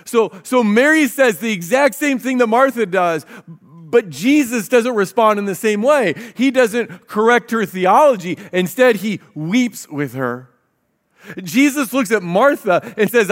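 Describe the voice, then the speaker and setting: Pastor guy preaching, kinda high voice, earnest, reads verses out, stumbles and repeats words a lot. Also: animated, a little slow. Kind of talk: sermon.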